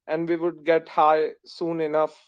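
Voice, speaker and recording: A man from the team speaking up on a call, halting and using fillers. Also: fairly high pitch, monotone, no room sound, dull audio. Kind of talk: casual call talk.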